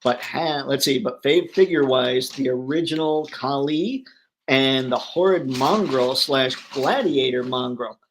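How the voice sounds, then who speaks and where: A man hosting a casual livestream, reading viewer comments aloud and riffing on them, thinking out loud as he browses online listings. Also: medium pitch, unhurried, slight background noise. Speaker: livestream host. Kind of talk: casual live chat.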